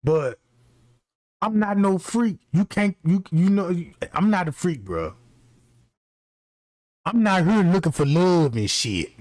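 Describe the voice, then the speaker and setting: A man with a country-sounding voice hosting a stream, ranting in a brash, profane, animated way. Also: high-pitched, slow pace, long pauses, no room sound. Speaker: livestream host. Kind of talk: casual ranting commentary.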